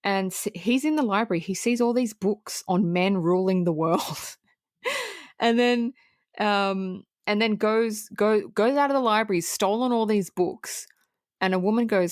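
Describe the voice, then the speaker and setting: A woman co-hosting a film podcast, recapping scenes in a blunt, profane, animated way and acting out quoted lines. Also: medium pitch, a little slow, dry recording, clean studio sound. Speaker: podcast co-host. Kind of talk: casual film review chat.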